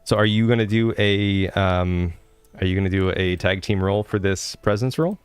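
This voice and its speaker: Game master, male, very low smooth voice, chatty rules talk, dry close mic. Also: steady tone, normal speed, no room sound. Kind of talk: running a tabletop game.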